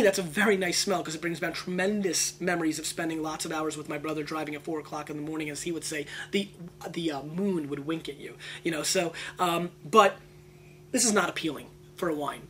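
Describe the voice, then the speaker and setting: A man hosting a casual wine tasting video, brash and excitable, veering off into rambling tangents. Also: a little high, fairly quick, a little hiss or hum. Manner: brash and emphatic. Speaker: wine show host.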